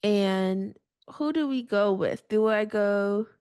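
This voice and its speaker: Relaxed woman chatting through a coding demo. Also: mid-range voice, takes it slowly, smooth, dry recording, studio quality. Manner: relaxed, giggly, thinks aloud with fillers. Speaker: developer demoing a coding assistant. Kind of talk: casual tech demo chat.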